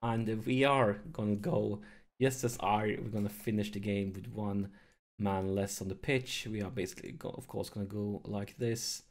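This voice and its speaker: Low-voiced man commentating his own game. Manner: excitable, nervous, talks to viewers; deliberately holds his voice down to avoid waking neighbors. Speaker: let's play host. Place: home, late in the evening.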